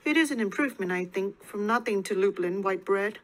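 A woman's voice: medium pitch, animated, fairly quick, close to an everyday voice, low-quality recording. A woman voicing a burly, good-humored young male farmer who teases and chuckles as he talks, in an audiobook reading. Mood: amused. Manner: teasing, chuckling.

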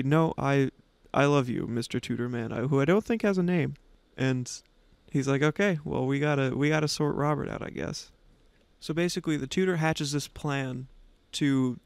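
A man's voice: medium pitch, clear, resonant tone, no room sound. A young man hosting a book vlog, retelling a story in a rambling, informal way and reading passages aloud. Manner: rambling, informal, swears lightly. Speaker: book vlogger.

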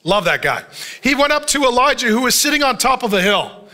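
A male pastor preaching with a strikingly high voice that swoops lively up and down. He tells the story with animated humor and frequent chuckles. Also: a little fast. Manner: chuckles often while preaching. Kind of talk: sermon.

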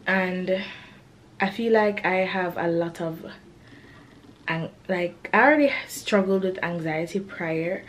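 Young woman, college vlogger, lowish voice, chatty, lots of "like", faint background hiss. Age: young adult. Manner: chatty, peppered with "like"; open and a little self-conscious. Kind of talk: casual vlog chat to camera.

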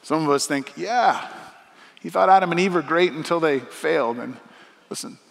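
A man preaching a sermon as pastor, talking to the congregation in a conversational way that swings from soft asides to loud, emphatic lines. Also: on the high side, moderate pace, gravelly, in a large hall. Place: church auditorium.

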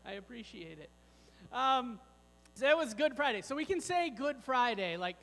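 A man's voice: very high-pitched, big pitch swings, moderate pace, vocal fry, fairly bright tone. A man giving a playful children's sermon in a large church, joking with the kids and the congregation. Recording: long church hall reverb, mains hum.

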